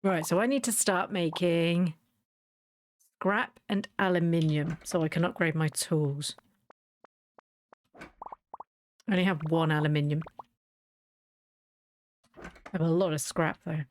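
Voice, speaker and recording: A woman's voice: lowish voice, slow, long pauses, slight background noise. A woman giving casual, playful commentary while she plays a video game. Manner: chatty and playful. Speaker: game streamer.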